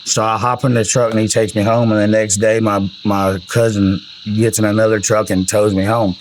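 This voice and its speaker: A man's voice: fairly low pitch, little pitch movement, moderate pace, slight background noise, low-quality recording. Folksy man telling rowdy stories. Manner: rambling, profane, folksy. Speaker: country singer telling album stories. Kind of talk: casual storytelling.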